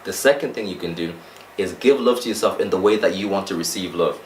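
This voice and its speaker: Fast-talking low-voiced man, echoey room. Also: recorded from a distance, slight background noise. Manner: earnest, repeats points with "right?" and "okay?". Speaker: self-help vlogger. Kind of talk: motivational talk to camera.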